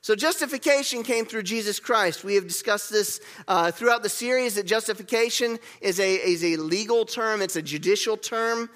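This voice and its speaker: A man delivers a sermon in a high, bright voice, repeating key words and getting his congregation to join in. The sound carries a long reverb from the church hall around him. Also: normal speed, few pauses. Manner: lively, repeats key words, leads the congregation in gestures and call-and-response. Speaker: pastor.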